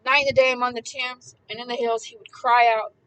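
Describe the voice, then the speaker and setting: A woman giving impassioned Bible commentary, emphatic and repetitive, swinging between hushed words and loud ones. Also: on the high side, flat delivery, brisk, far from the mic, slight background noise, poor audio. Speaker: preacher.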